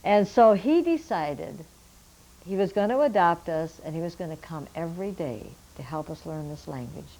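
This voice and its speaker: A woman's voice: fairly low pitch, lively intonation, moderate pace, vocal fry, dark tone, rough recording. An older woman, a missionary Bible translator, earnestly telling a story from her work and addressing her listeners as friends. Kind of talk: storytelling testimony.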